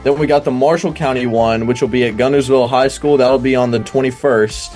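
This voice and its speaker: Man, podcast guest, mid-pitched voice, faint music behind, easygoing announcements. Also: steady tone, fairly quick, a little mellow. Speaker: guest from a Christian athletes group. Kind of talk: casual announcement.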